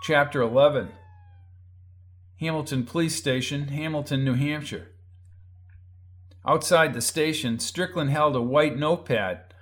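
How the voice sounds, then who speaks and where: A man's voice: a little high, a little slow, pauses often, fairly bright tone. A man reading a crime novel aloud as narrator, shifting his delivery for each character's lines. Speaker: audiobook narrator. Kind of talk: scripted narration with character voices.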